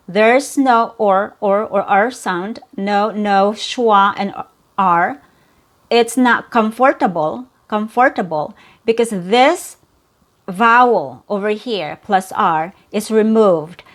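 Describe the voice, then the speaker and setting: Slow, careful woman teaching pronunciation. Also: mid-range voice. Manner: slow, careful, repeats words for drilling. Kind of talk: pronunciation lesson.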